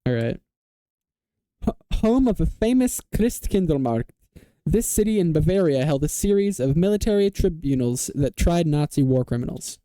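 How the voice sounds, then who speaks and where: Quiz host guy reading clues, kinda high pitched, dry close sound, casual and upbeat. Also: expressive, mellow, dry recording. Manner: upbeat, laughs often, quick "yes, sir" confirmations.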